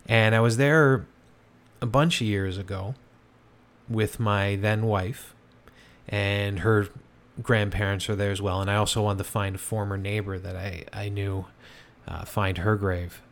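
A man with a fairly low voice tells a ghost story in a loose, conversational way. He stops and restarts often and fills the gaps with "uh" and "kinda". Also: a little slow. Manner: relaxed, conversational, many fillers and restarts. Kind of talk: casual storytelling.

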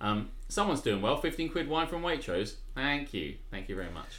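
Bright, lively, refined English man. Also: mid-range voice, moderate pace, reverberant. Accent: southern English, refined. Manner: playful, bursts into laughter, reads the chat. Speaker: co-host of a live stream. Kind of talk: casual live-stream chat. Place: home room.

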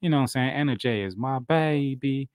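Co-hosting a wrestling podcast, this man speaks briskly in a mid-range voice with no echo. The conversation is casual, loose, and profane, and he laughs often.

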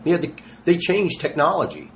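A man in his sixties, a touring rock musician, telling stories in a casual interview and acting out the quotes in a slangy, animated way. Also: fairly high pitch, brisk, slight background noise. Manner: animated, slangy storyteller who acts out quotes.

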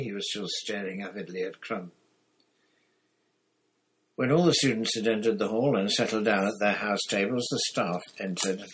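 A man narrating a storybook chapter in a measured, deliberate reading. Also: fairly low pitch, fairly bright tone, slight background noise, poor audio. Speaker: audiobook narrator. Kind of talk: scripted narration.

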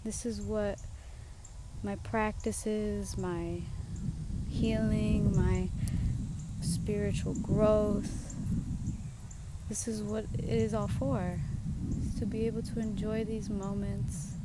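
A woman's voice: medium pitch, flat delivery, extremely slow, pauses often, very noisy. A young woman hosting her own podcast, talking in a reflective, heartfelt way from a swing outdoors among trees. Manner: reflective and heartfelt, with soft laughs. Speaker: podcast host. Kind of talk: casual personal podcast monologue.

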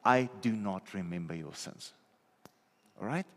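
A man's voice: on the low side, a little slow. Man preaching in a reverberant hall. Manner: conversational, checks in with listeners often. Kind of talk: sermon. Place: church hall.

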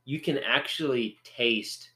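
A man's voice: medium pitch, slow, bright, forceful tone, roomy sound. A man co-hosting a podcast, chatting in a rambling, joking, playful way. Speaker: podcast co-host. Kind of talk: casual chat.

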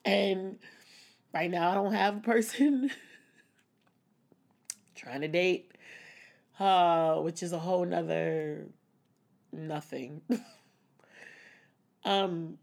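A woman's voice: lowish voice, slow, creaky, pauses often, darkish tone. A woman talking openly and reflectively in a personal vlog, breaking into small laughs now and then. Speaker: vlogger. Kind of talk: candid personal vlog talk.

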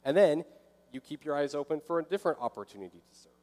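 Fairly high in pitch yet darkish in tone, this man preaches quickly and expressively in a relaxed, talky manner. He slips at times into short voices of a concerned listener, acting out what they think, while a long hall reverb surrounds him.

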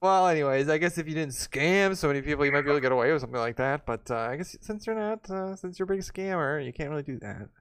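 A man's voice: fairly high pitch, quick pace, hardly any pauses, clear, resonant tone. Male co-host with a wry, mocking delivery in loose conversation. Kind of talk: casual teasing banter.

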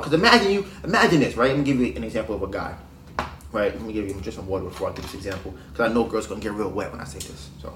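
A man hosting a podcast, giving casual, slangy dating advice in a preachy tone that sometimes drops to a low murmur. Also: expressive, racing, background noise. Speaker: podcast host. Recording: roomy echo.

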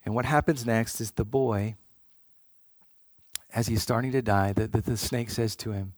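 A man's voice: lowish voice, normal speed, pauses often, a little mellow, no room sound, studio quality. A man preaching a sermon in an earnest way, often repeating words as he starts a phrase.

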